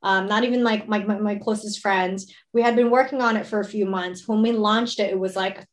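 A woman's voice: medium pitch, fairly even intonation. A woman, chatting eagerly as a guest in an interview, with many fillers. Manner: fast, enthusiastic, lots of fillers. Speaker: co-founder guest. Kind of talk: casual interview chat.

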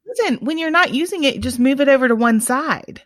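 High-voiced woman co-hosting. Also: a little fast, no room sound, clean studio sound. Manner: calm, brief agreeing replies. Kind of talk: casual chat.

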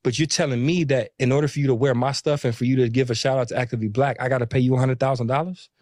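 A man's voice: mid-range voice, fairly even intonation, very fast, darkish tone, no echo, clean studio sound. A young man who founded a clothing brand, speaking earnestly and often checking in with "you know what I'm saying.". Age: young adult. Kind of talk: interview answer.

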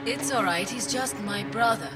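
Casting: a woman as a tough alien passing for human, slightly high voice, slow, foreign-sounding cadence, loud music behind. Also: natural voice. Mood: evasive. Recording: TV clip with loud background music.

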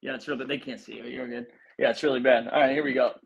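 A man's voice: mid-range voice, steady tone, fast, creaky, lo-fi sound, a little hiss or hum. A young man hosting a livestream, talking to his chat casually and sounding frustrated and restless. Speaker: livestream host.

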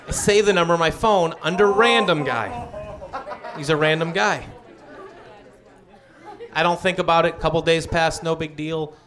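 A man's voice: fairly high pitch, normal speed, long pauses, fairly bright tone, some chatter behind. A man doing stand-up storytelling on a comedy club stage, acting out the voices in his story.

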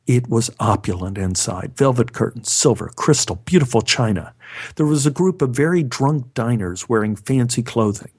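A male storyteller with a middle-pitched voice, narrating a scripted personal tale. His delivery is wry and dry, landing jokes with a straight face. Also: animated, moderate pace, a little mellow, breathy edge. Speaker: storyteller, actor.

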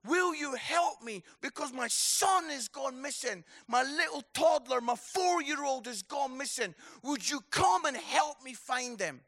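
A man's voice: very high-pitched, lively intonation, unhurried, few pauses, exaggerated voice. A Scottish man acting out a panicked father whose small son has gone missing, begging a crowd for help. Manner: desperate pleading shouts. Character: frantic father searching for his missing toddler.

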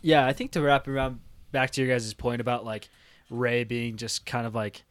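A young man chatting as a podcast guest, relaxed and agreeable. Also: medium pitch, moderate pace, no room sound, studio quality. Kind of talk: casual chat.

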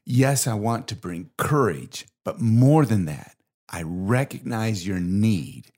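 A man's voice: fairly low pitch, lively intonation, slow pace, darkish tone. A middle-aged man, co-host of a faith podcast, telling an earnest and emotional personal story.

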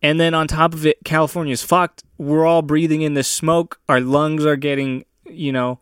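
A man's voice: fairly high pitch, little pitch movement, normal speed, a bit bright, smooth, dry recording, clean studio sound. A young man hosting a podcast, ranting alone in a crude, heavily profane and sardonic way. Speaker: podcast host. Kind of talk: profane solo rant.

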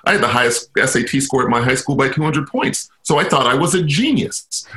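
A man's voice: mid-range voice, sing-song, brisk, pushed and bright. A man from Chicago, a guest on a radio interview, telling a personal story in a reflective, self-deprecating way. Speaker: guest, university inclusion officer.

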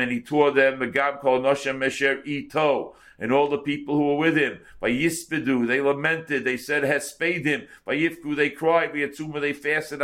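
A man's voice: mid-range voice, a bit bright. A man teaching a Torah class as a rabbi, translating verse by verse and repeating words for emphasis.

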